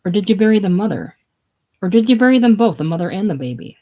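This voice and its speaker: A reader doing a brash, combative middle-aged woman from a casual play reading, loud and scornful. She mocks and jeers at everyone around her. The pitch sits in a middling range. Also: a little slow, lightly acted. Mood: mocking.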